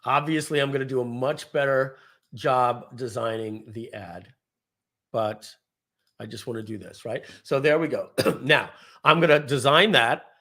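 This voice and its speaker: A man hosting a live software webinar, giving an energetic, salesy screen-share demo and clearing his throat often. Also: mid-range voice, unhurried. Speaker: webinar host, software founder.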